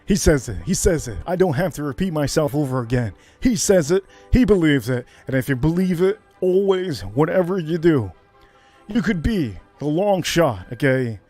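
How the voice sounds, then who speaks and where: Hyped high-voiced male streamer. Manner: hyped, repetitive, shouts catchphrases. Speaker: livestream host. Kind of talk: casual livestream chat.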